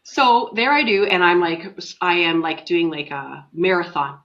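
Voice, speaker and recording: A middle-aged woman co-hosting a casual chat podcast, telling chatty, animated stories while sick with a cold. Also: on the low side, measured pace. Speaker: podcast co-host, mother. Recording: dull lo-fi sound.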